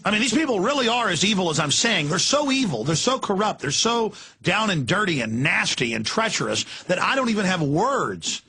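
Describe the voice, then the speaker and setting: A man hosting a talk radio show, ranting with impassioned intensity, swinging between yelling and hushed urgency. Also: high voice, big pitch swings, fairly quick, breathy edge.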